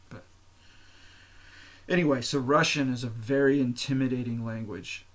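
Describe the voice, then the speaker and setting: Rambling, profane man. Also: mid-range voice. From United States. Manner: rambling, profane, laughing at himself. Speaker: podcast host. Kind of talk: unscripted casual monologue.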